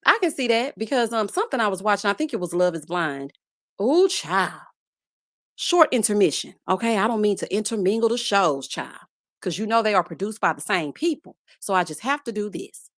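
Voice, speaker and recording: Lively sassy woman recapping reality TV. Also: brisk, no echo, studio quality. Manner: sassy, animated, calls viewers child and baby; bursts into high laughs. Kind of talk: casual chat.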